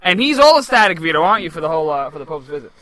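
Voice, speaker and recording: A man's voice: a little high, sing-song, bright, forceful tone, no room sound, poor audio. A young adult man co-hosting a political podcast, brash and joking in casual banter. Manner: brash, joking, quick talker. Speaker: podcast co-host.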